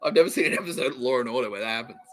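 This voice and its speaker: This Australian man races through his podcast's comedic monologue at medium pitch, and the recording is rough. He rambles, laughs a lot, swears and plays out quoted exchanges.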